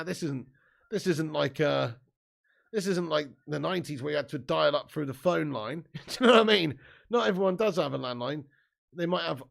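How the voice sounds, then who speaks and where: A man's voice: medium pitch, creaky. A man hosting a live football watch-along, commenting on play and casually reading viewer comments aloud with plenty of swearing.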